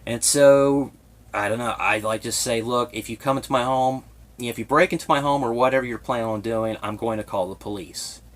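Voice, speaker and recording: A man's voice: mid-range voice, steady tone, a little fast. A young man telling a personal story in a confessional vlog, hesitant and emotionally raw, often restarting his sentences. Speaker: vlogger.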